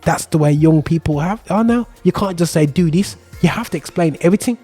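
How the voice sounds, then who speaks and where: A man hosting a casual podcast chat, animated and full of street slang, constantly asking "you know what I mean". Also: a little high, fast, faint music behind. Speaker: host.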